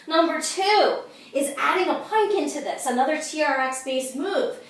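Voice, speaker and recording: A woman's voice: high-pitched, expressive, moderate pace, a bit bright. A woman fitness instructor at home demonstrating exercises, upbeat and coaching, out of breath. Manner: upbeat, coaching, says "okay?" and "you guys" often. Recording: echoey room from far off.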